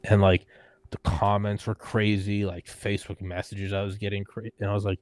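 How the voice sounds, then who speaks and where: A man in his thirties with a somewhat low voice, telling a story in an animated, profane way and often stopping to restart his sentences. He sounds close and dry, with no room echo. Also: normal speed. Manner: animated, profane, acts out quoted people; frequent "like" fillers and restarts. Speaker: podcast host and guest. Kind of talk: casual conversational storytelling.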